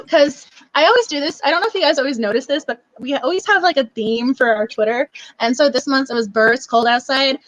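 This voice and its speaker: A young woman with a high voice hosts a book club live stream in a bubbly, gushing way, full of fillers. The sound is dry and close. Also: no echo, poor audio. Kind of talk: casual live stream chat.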